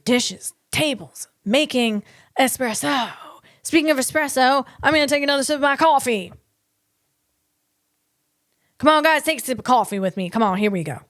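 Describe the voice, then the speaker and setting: A woman hosting a comedic tech podcast on her own, bubbly and excitable, rambling with playful asides. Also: a little high, dry recording, clean studio sound.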